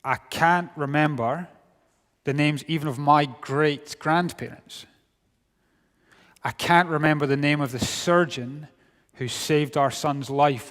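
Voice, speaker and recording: Scottish man preaching in a reverberant hall. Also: on the high side. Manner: humorous, wry storytelling with sudden drops to quiet. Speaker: youth speaker. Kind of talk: sermon. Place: large hall.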